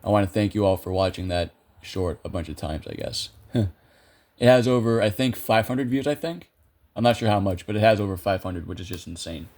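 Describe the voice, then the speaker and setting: A young man talks casually over his gameplay, thinking aloud and amusing himself. He fills his speech with hesitations and restarts. His voice sits somewhat low. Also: lively intonation, a little fast, a little mellow. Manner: chatty, self-amused, thinks aloud with many fillers. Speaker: gameplay video creator.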